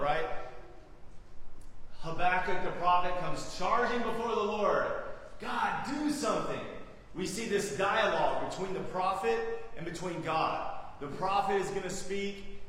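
A man's voice: high-pitched, a bit bright, a little hiss or hum. A man preaching a sermon as pastor, earnest, with dramatic emphasis when he voices the prophet's cries. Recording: echoey hall from far off.

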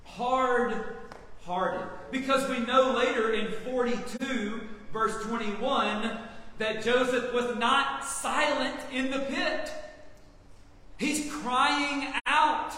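A man's voice: very high-pitched, fairly even intonation, very slow, pushed and bright. A man preaching an expository sermon, asking his congregation rhetorical questions. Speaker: pastor. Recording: echoey hall from far off, faint hiss.

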